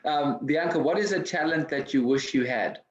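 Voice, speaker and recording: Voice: mid-range voice, moderate pace. An interviewer asking casual questions with many hesitant fillers. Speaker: interviewer, host. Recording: echoey, dull lo-fi sound.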